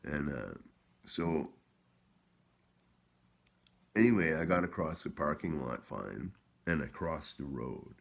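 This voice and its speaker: A man's voice: very deep voice, expressive, slow pace, vocal fry, pauses often. A man telling a rambling, profane story in a casual vlog, with many restarts. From Canada. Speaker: vlogger.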